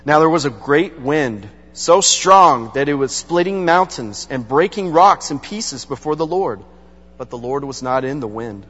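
A man's voice: a little high, animated, measured pace, fairly bright tone, breathy edge. A man preaching a sermon, reading scripture aloud and then retelling it in casual, everyday speech. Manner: reads scripture then paraphrases in casual voices. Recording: long hall reverb, dull lo-fi sound.

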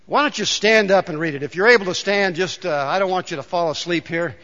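A male pastor with a high, bright voice delivers a sermon in a church sanctuary, his words trailing off into a long hall reverb. He shifts between easy storytelling and emphatic calls to the congregation. The sound is slightly dull and muffled. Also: brisk. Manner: rises to emphatic calls to the congregation, tells jokes.

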